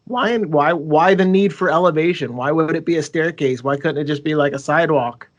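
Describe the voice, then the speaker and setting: Man, higher voice, playful, joking, curious questions, casual chat. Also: brisk, highs cut off. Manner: playful, cracks jokes and asks questions. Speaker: podcast co-host.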